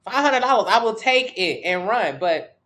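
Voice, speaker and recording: A woman's voice: medium pitch, expressive, moderate pace, fairly bright tone. A woman from Miami with a Southern US accent, a fitness coach chatting candidly and with swearing on a casual live stream. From Miami, Florida. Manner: candid, profane, gossipy and chatty.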